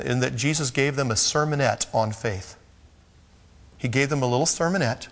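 A man's voice: mid-range voice, creaky. A man preaching a sermon in a conversational manner, acting out scripture scenes. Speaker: pastor. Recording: long echo of a large hall.

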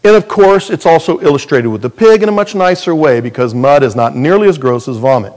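A middle-aged man preaching a sermon as pastor, animated and jokey, with sudden loud high bursts. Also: fairly quick.

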